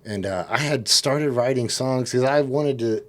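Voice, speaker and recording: A man with a Southern US accent, a podcast guest telling stories in casual conversation, animated and often laughing. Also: medium pitch, measured pace. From East Texas and Oklahoma. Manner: animated, laughing, puts on voices for quotes. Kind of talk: casual storytelling.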